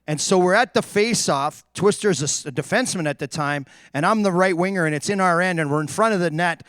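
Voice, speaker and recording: A man with a fairly high voice tells hockey stories with lots of energy, jumping into the voices of the people he quotes. The sound is close and dry, with no room around it. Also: fast, no echo. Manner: animated anecdotes, acts out quotes. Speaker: retired hockey player telling stories. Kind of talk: storytelling on a live stream.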